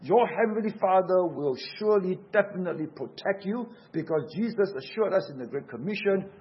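A man delivers a sermon with earnest emphasis, leaning on repeated words to drive points home. His voice sits somewhat high for a man, and the recording sounds dull and lo-fi. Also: expressive, brisk. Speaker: pastor.

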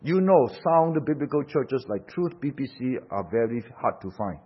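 A pastor with a mid-range, animated voice preaches a sermon at a moderate pace. He is emphatic, poses rhetorical questions, and lets his force swell and drop. The recording sounds dull and lo-fi.

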